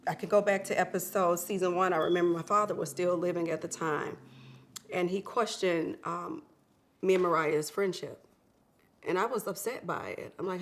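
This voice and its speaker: A woman's voice: lowish voice, a bit bright. Woman telling her story. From Memphis, Tennessee. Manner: reflective storyteller. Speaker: guest. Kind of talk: interview.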